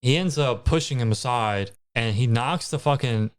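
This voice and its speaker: A man's voice: mid-range voice, normal speed, clean tone. A man co-hosting a podcast in casual chat, wryly recapping movie scenes with plenty of swearing. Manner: profane, wry storytelling. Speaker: podcast co-host.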